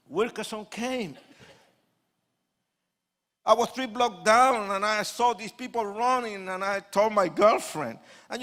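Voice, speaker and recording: He's an evangelist with a high voice, preaching his own life story to an audience as a testimony. His delivery jumps lively from whispered asides to booming outbursts.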